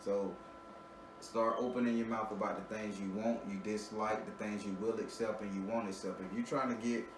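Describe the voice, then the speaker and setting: A man gives a client a spiritual reading in a loose, joking way, swearing freely and laughing between points. He stumbles and repeats words as he restarts. His voice sits back from the mic in a roomy space, with steady background noise behind it. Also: on the low side, moderate pace, distant mic. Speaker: spiritual reader giving a tarot reading.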